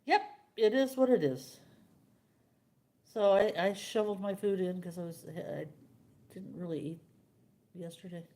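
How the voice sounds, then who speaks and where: An older woman hosting a live stream, chatting casually with viewers and telling a rambling, halting story. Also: mid-range voice, dark tone.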